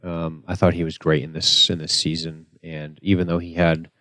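A man co-hosting a casual TV recap chat, answering in a low-key, measured way. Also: flat delivery, pushed and bright, no room sound, clean studio sound. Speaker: podcast co-host.

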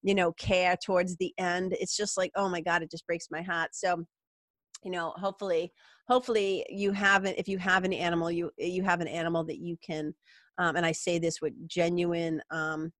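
A middle-aged woman with a slightly low voice talks in a candid, rambling way. She is heartfelt and emotional and swears casually. The recording is close and dry, with no room echo. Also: flat delivery, normal speed. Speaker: yoga teacher and podcast host. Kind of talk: heartfelt personal monologue.

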